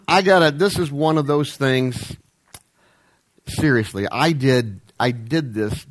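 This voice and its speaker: A man preaching a humorous sermon in a church, rambling and jokey with self-deprecating asides. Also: on the low side. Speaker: pastor. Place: church sanctuary.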